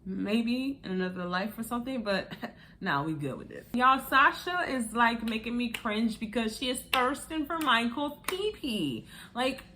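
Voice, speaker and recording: A woman's voice: a little high, measured pace, a little hiss or hum. A woman casually reviewing a reality TV episode, acting out the cast's lines and laughing along. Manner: animated, acts out quotes with laughs. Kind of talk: casual recap commentary.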